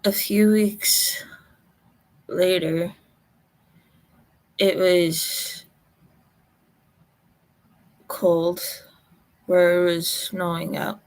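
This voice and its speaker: A woman from Colorado, telling a personal story in a halting way, close to tears. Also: on the low side, fairly even intonation, darkish tone. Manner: slow, halting, emotional recollection.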